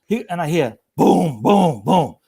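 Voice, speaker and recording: A man's voice: a little high, a little slow, gravelly, husky. A middle-aged man telling fire stories as a podcast guest, acting out the quotes. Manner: animated storyteller acting out quotes. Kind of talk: casual storytelling.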